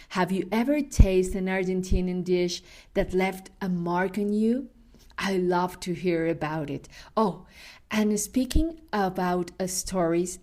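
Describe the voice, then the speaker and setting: A woman podcast host with a low, mellow voice and a slow, easy pace. She tells stories in a casual, chatty way and laughs now and then. She often stops to correct her own words. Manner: unhurried, chatty storytelling with laughs and self-corrections. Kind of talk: casual food podcast with storytelling.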